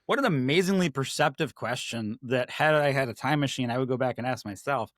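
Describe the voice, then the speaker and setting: A man, a podcast guest, telling stories in a casual, animated way and acting out his own past remarks. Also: mid-range voice, brisk, no room sound, studio quality. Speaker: podcast guest, IT services manager.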